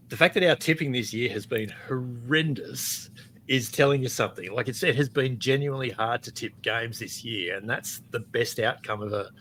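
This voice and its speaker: A man's voice: medium pitch, a bit bright, slight background noise. A man co-hosting a rugby podcast, chatty and teasing. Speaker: podcast co-host. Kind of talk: casual podcast chat.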